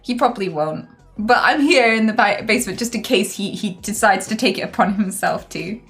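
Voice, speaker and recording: A woman's voice: medium pitch, expressive, a little fast, soft background music. A woman streamer chatting casually and playfully on a live stream, laughing often.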